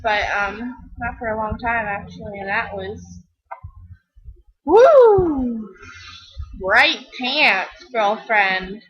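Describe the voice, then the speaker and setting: Teen girl gamer, high slow-paced voice, rambly and giggly, muffled lo-fi mic. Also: a bit bright. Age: teens. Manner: giggly, rambling, self-mocking, acts out quoted people. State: tired from little sleep. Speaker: gaming video creator. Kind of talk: rambling casual chat over gameplay.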